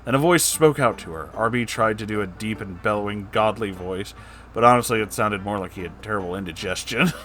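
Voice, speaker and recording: A man's voice: on the low side, a little fast, fairly bright tone. A man reading a story aloud and breaking off for casual, sarcastic, profane asides. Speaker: story narrator.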